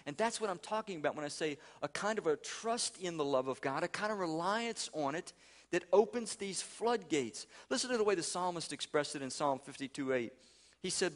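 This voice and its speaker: A male senior pastor preaching a sermon in an earnest, emphatic way, reading quotations slowly and deliberately. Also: high voice.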